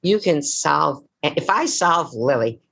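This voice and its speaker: A woman's voice: low-pitched, lively intonation, slow, creaky, a bit bright. An older woman, an actress, telling dramatic stories as a guest at a live interview event. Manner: theatrical, dramatic storyteller. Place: live event before an audience.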